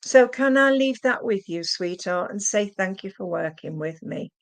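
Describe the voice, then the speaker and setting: A woman's voice: medium pitch, animated, moderate pace. A woman giving psychic card readings on a live stream, calling viewers "sweetheart" as she relays messages from spirits. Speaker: psychic medium.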